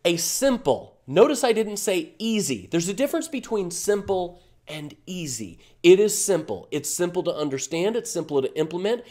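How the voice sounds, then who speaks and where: A man's voice: sits high, very animated, normal speed, dark tone. A man giving a fired-up, emphatic motivational talk to camera as an online business coach, full of rhetorical questions.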